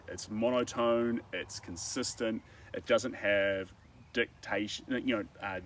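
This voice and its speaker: A New Zealand man with a lowish voice talks in a loose, rambling way, full of fillers. He is a little back from the mic, with faint outdoor sound around him. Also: recorded from a distance, slight background noise. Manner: chatty, rambling, relaxed with filler words. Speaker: painter streaming while painting. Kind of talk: casual chat.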